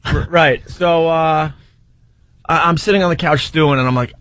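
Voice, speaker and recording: A man in his forties hosting a radio show, telling a self-mocking story in a lively, casual way from a studio mic. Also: medium pitch, brisk, no room sound. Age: 40s. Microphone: studio microphone. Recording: slightly dull, dry radio broadcast audio.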